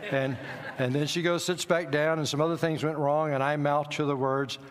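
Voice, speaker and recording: A man's voice: on the high side, level tone, moderate pace. Older man, missionary speaker, easygoing church storytelling, self-deprecating humor, long reverb. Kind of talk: church talk with personal stories. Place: church sanctuary.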